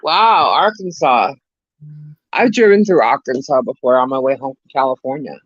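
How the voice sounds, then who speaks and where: A man's voice: medium pitch, animated, fast talker, no room sound. A man with a New York accent co-hosting a casual live chat, talking in a rambling, chatty way with frequent laughs over a lo-fi online call. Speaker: co-host of a live chat stream. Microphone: video call mic. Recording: dull, lo-fi online call audio.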